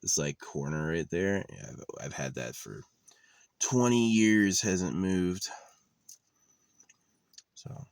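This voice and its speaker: Deep, dry-voiced man rambling sardonically. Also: expressive, takes it slowly, gravelly, pauses often, no room sound. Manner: meandering, sardonic, swears casually. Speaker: vlogger. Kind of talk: rambling monologue. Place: lives in a van.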